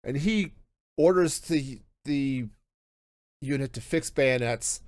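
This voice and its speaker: A man hosting a podcast, talking through a book review in a casual, animated way, often restarting his sentences. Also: medium pitch, takes it slowly, no echo. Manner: animated, self-interrupting with restarts and laughs. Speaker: podcast host.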